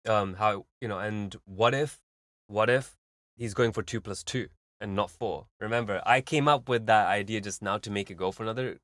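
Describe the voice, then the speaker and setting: A man's voice: lowish voice, normal speed, a bit bright, no echo, clean studio sound. A man hosting a live stream, giving casual, rambling music feedback full of fillers and vivid analogies.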